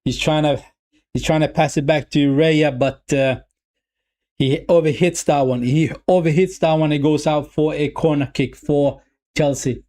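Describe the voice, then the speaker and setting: Fan streamer, male, slightly high voice, excitable and repetitive, addresses viewers as "people". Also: measured pace. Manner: calls the play loosely, repeating himself. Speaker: watch-along streamer. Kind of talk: live football watch-along commentary.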